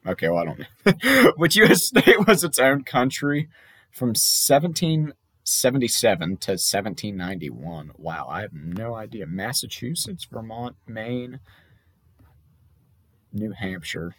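A man's voice: lowish voice, sing-song, unhurried, fairly bright tone, husky, no echo. A young man casually playing a trivia game with a friend, reading questions aloud, swearing and laughing. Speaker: gamer playing a trivia quiz. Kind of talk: casual gaming commentary.

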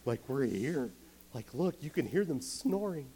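A man voicing a hyper, overexcited young soldier who talks in an eager hush. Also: lowish voice, normal speed, slight background noise, close to an everyday voice. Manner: hushed, eager and antsy.

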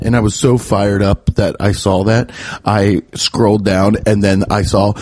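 Male podcast host, low voice, rambling comic monologue, dry close room. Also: flat delivery, normal speed, a little mellow, no echo. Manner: rambling, jokey, profane, pitch jumping up when worked up. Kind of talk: casual comedic monologue. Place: his bedroom. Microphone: podcast mic while pacing.

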